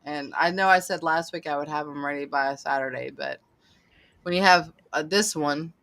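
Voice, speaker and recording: A woman's voice: sits low, moderate pace, fairly bright tone. A woman in her forties with a Southern US accent, hosting a live online chat from home, talking chattily and laughing often. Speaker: live show host. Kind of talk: casual chat.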